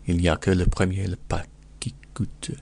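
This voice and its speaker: A man doing a gossipy old vendor, gravelly and low. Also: lively intonation, normal speed, a little mellow, full character voice. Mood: storytelling. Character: older male curiosity vendor, gossipy, meditative pipe smoker.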